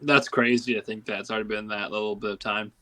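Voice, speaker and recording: Rambling co-host with the hiccups. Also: male voice, lowish voice, little pitch movement, fast talker, sharp tone, low-quality recording. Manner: rambling, lots of "like" and restarts. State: has the hiccups. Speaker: podcast co-host. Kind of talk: casual podcast chat.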